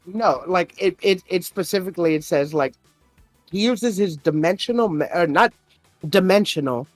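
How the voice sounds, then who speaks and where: A podcast host with a voice that sits high tells a story at normal speed in casual chat, swearing often and getting worked up as he retells an argument. There's no echo, and soft music plays in the background.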